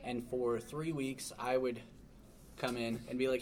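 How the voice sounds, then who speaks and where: A man's voice: mid-range voice, normal speed. A man telling stories in a casual chat, acting out what people said. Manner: animated storyteller, mimics quoted people.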